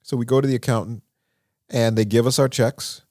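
A man telling stories as an interview guest in a recording studio, animated and acting out what people said. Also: brisk, no room sound. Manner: animated, acts out quotes with lively pitch. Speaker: songwriter and producer, interview guest. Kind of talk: conversational storytelling.

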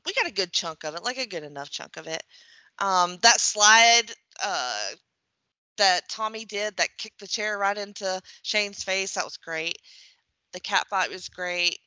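A woman's voice: mid-range voice, sharp tone, no echo, dull audio. A woman co-hosting a podcast in casual, chatty talk with fillers like "um" and "like". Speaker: podcast co-host. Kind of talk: casual chat.

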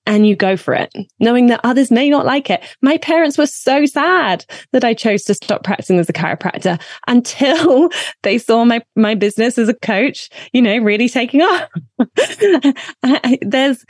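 A woman's voice: on the high side, lively intonation, moderate pace, no echo, studio quality. A woman life coach as interview guest, speaking earnestly and encouragingly, addressing listeners as her friend. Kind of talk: casual interview chat.

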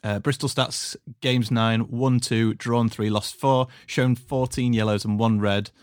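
A man co-hosting a casual football podcast from home, easygoing and steady as he goes through match stats. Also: mid-range voice, unhurried, no room sound, clean studio sound. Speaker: podcast co-host. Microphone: recorded at home.

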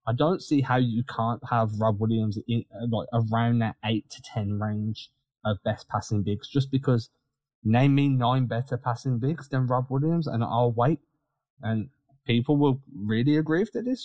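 A man co-hosting a casual sports podcast, talking in an animated, quick way with frequent restarts. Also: medium pitch, no echo. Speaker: podcast co-host.

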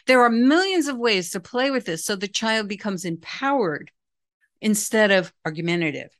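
Middle-aged woman giving parenting tips, calm and explainy, acts out little dialogues. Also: medium pitch, normal speed, no room sound. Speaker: parenting expert. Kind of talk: casual advice talk.

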